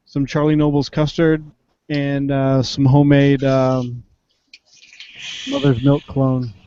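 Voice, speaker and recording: A man in casual podcast chat, speaking in a slow, halting way. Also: mid-range voice, level tone, dark tone, lo-fi sound, a little hiss or hum.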